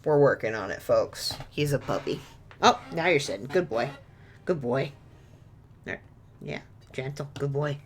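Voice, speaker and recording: A woman's voice: rumbling low, expressive, measured pace, long pauses, a little hiss or hum. A woman streaming a video game from home, chatting and joking with viewers and her dog, laughing often. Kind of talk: casual gaming stream chat. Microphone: desk mic with webcam.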